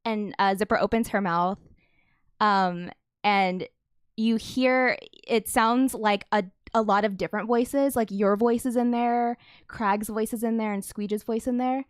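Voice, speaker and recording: A woman's voice: a little high, fairly even intonation, unhurried, clean tone, no echo, studio quality. A woman playing a tabletop game, describing her character in a chatty way with many fillers. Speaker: player.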